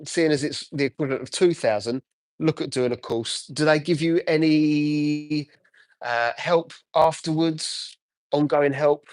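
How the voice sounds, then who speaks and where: A man's voice: medium pitch, no echo. A man chatting casually on a livestream, answering viewer comments while he cleans a car outdoors, talking into a phone. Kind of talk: casual live chat while working.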